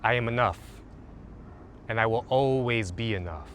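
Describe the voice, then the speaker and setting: A man guiding a stretching and relaxation routine in a slow, soothing, calm way. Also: medium pitch, slight background noise. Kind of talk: guided relaxation instruction.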